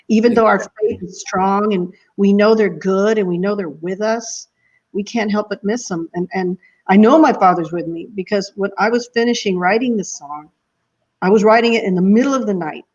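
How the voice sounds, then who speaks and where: Woman guest for an interview: heartfelt storyteller who laughs between lines, mid-pitched, on a dull lo-fi line. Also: normal speed, darkish tone. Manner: emotional storytelling, frequent laughs. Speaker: guest musician. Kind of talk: casual interview chat. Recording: muffled lo-fi audio.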